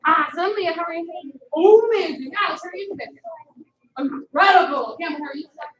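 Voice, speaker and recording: A woman karate instructor leading a children's class in an indoor studio, upbeat, calling students by name and shouting commands. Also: extremely high pitch, quick pace, echoey room, poor audio.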